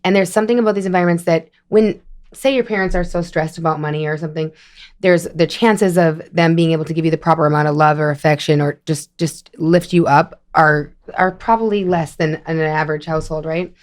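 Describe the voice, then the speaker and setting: A woman with a North Dakota accent, a podcast guest who talks in an animated, rambling way and speeds up when she gets going. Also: low voice, fairly quick. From Upper Midwest US. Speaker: podcast guest, charity founder. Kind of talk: casual interview chat.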